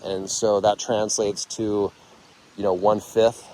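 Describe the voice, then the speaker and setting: A man's voice: lowish voice, flat delivery, unhurried, mellow, a little hiss or hum. A man hosting a gardening channel, giving a casual, rambling tutorial outdoors in his garden and correcting himself as he goes. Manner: rambling, conversational, self-correcting.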